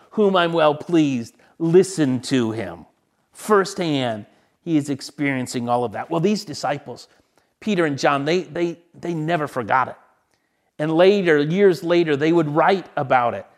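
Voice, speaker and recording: A middle-aged male pastor giving a sermon, earnest, often dropping to a soft voice to repeat a phrase for emphasis. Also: fairly high pitch.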